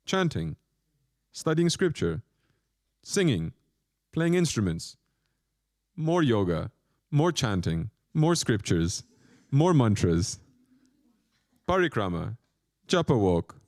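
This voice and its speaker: A man's voice: mid-range voice, a little mellow, no echo, clean studio sound. A man, a monk, giving a spiritual lecture with playful, self-mocking asides and short phrases repeated for emphasis. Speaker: monk teacher.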